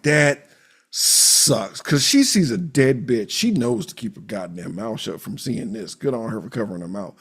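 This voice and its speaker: A man co-hosting a podcast, recapping a film in casual, profane chat and acting out the characters' lines with big jumps in his voice. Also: mid-range voice. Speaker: podcast co-host.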